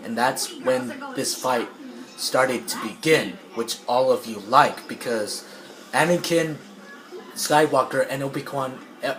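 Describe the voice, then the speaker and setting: A man casually rambling through a story while playing a game, full of fillers and restarts. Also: medium pitch. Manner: rambling, many fillers and restarts, clears throat. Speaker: gamer retelling a film plot. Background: game music.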